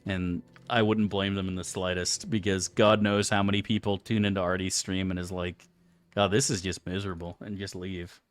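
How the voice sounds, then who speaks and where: A man's voice: sits low, little pitch movement, normal speed, few pauses, clear, resonant tone, no echo. Profane rambling male streamer. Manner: crude, profane, rambling asides to chat. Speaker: game streamer. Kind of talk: casual live-stream chat.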